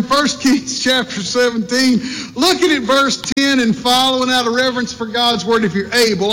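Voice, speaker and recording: High-voiced preacher in a reverberant church. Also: male voice, bright, forceful tone. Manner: folksy storytelling, drawn-out emphasis. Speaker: pastor. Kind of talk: sermon.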